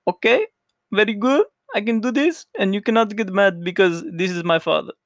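A man's voice: high-pitched, normal speed, no echo, clean studio sound, pitched above the performer's own voice. A young man imitating his middle-aged Brazilian father, speaking with a heavy Brazilian accent. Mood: cheerful. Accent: Brazilian Portuguese.

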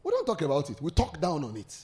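A man's voice: a little high, huge pitch swings, quick pace, warm tone. A man preaching a sermon, leading call-and-response and laughing often.

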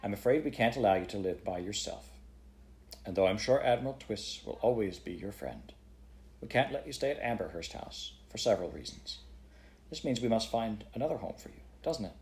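A man voicing a patient older male court chairman who speaks gently but firmly, in measured phrases. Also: fairly low pitch, lively intonation. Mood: gentle.

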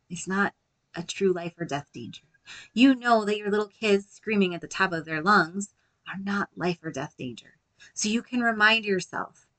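A woman in her thirties hosting a solo podcast as a life coach, speaking gently and reassuringly. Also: medium pitch. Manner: gentle, reassuring, softly spoken at times.

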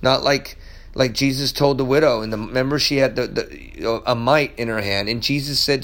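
A man's voice: medium pitch, moderate pace, creaky, a bit bright. A man preaching on a sermon podcast, teaching verse by verse. He is emphatic, stumbles through restarts and repeats words.

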